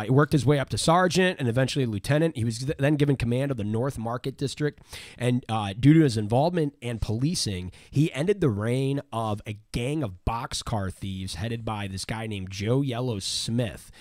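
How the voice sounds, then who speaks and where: A man's voice: mid-range voice, normal speed, a little mellow, no room sound, studio quality. A man hosting a podcast, telling a local history story in a rambling way full of fillers and restarts. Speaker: podcast host. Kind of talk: casual history chat.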